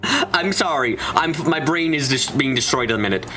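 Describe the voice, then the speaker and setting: A man's voice: mid-range voice, lively intonation, moderate pace, music in the background. A man hosting a let's play, commenting on the game with incredulous, profane exasperation. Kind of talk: gameplay commentary.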